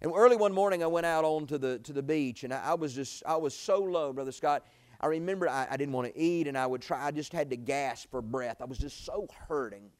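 A man's voice: fairly high pitch, brisk. A middle-aged man preaching a sermon, telling a folksy personal story that climbs to pleading, emotional peaks.

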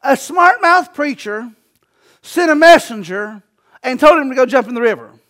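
A pastor in his forties with a strikingly high voice, preaching with emphasis. He builds his lines into shouts and drives each point home. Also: expressive, moderate pace. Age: 40s. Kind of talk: sermon.

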